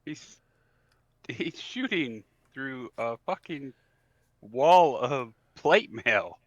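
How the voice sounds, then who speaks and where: A man playing a tabletop game who describes his moves haltingly, with many ums, and questions the rules. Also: mid-range voice, lively intonation, no echo, muffled recording. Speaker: player. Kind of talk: casual tabletop game play.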